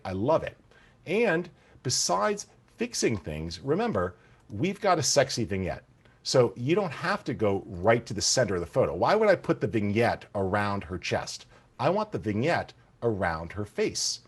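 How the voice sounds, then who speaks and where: A man teaching photo-editing software in an enthusiastic, conversational tutorial, talking straight to the viewers. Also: mid-range voice, husky. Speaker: software instructor. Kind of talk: screen-recorded software tutorial.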